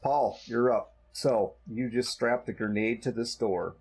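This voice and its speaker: A man in the game master's seat, walking the players through the scene at a mid-range pitch. His voice has a slightly husky, breathy edge, and he stumbles and restarts as he builds the description on the fly. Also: a little mellow. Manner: halting, conversational narration with many restarts. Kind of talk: narrating a tabletop role-playing game.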